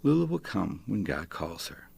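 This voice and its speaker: Brief: man doing a soft, reassuring mother, low and slow, gravelly. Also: very animated, full character voice. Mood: soothing. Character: gentle mother soothing her child.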